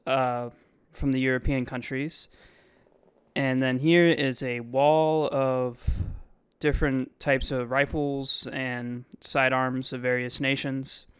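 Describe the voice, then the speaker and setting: A man talks casually over his own video in a loose, rambling way, filling gaps with ums and likes. His voice is very smooth and resonant and sits at an ordinary middle pitch. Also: fairly bright tone. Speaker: vlogger. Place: voice-over, not recorded in the museum.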